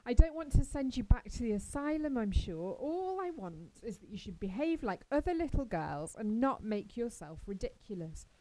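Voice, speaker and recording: A woman voicing a stern, practical older woman who scolds briskly in a storybook reading. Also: fairly high pitch, very animated, dark tone, slight background noise, poor audio. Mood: brisk scolding.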